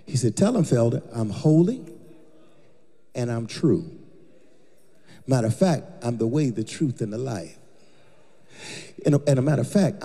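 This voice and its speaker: A man's voice: mid-range voice, vocal fry, warm tone. A male pastor preaching a rousing sermon in a church, chanting and hollering with call-and-response. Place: church sanctuary. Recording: long church reverb with music behind.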